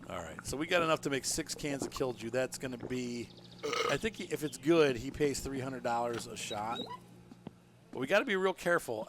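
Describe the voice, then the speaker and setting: A man chatting his way through a live gameplay stream from home, rambling and laughing often. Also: medium pitch. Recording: loud background noise.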